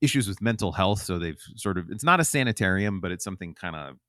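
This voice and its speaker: A man's voice: sits low, animated, quick pace, sharp tone, dry recording, studio quality. A man chatting as a podcast guest, rambling with lots of ums and restarts. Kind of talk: casual chat.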